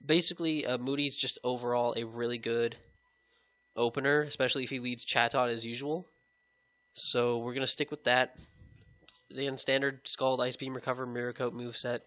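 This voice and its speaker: A man talking through a competitive game match in a casual, chatty way, his voice bright and a little sick-sounding. It comes through a headset mic with a dull, lo-fi sound. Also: medium pitch, fairly even intonation, normal speed. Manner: casual, upbeat, chatty with viewers. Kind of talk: casual gameplay commentary.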